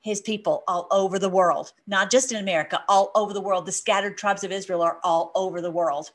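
Animated woman preaching from scripture. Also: medium pitch, a little fast. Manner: animated, laughing often, quoting scripture. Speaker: online preacher. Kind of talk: informal Bible teaching.

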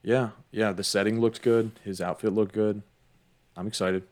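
Easygoing low-voiced man chatting. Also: steady tone, normal speed, a little mellow. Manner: easygoing, agreeable, hyped. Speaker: podcast co-host. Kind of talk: casual chat.

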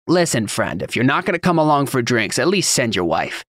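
A man's voice: medium pitch, sing-song, a little fast, fairly bright tone, dry recording, studio quality. A man voicing a sneering, bullying male laborer in a mocking, taunting drawl for an audiobook.

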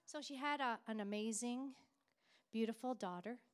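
A middle-aged woman pastor delivers a sermon with fervent, repeated declarations. Her voice sits fairly high. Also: normal speed, clean tone.

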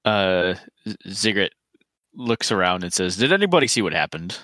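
A man playing a tabletop game, speaking in quick, casual asides. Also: low-pitched, sing-song, sharp tone, no echo, clean studio sound. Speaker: player.

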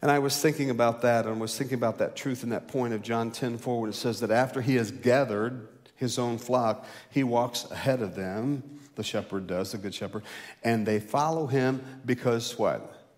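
A male pastor preaching a sermon, rising loud and high to stress a point, then dropping low and slow. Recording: long hall reverb.

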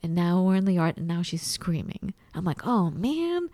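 A woman in casual conversation, telling a personal story in a lively way and acting out what people said. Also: on the low side, a little fast, no echo. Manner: animated storytelling, acts out quotes. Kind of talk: casual chat.

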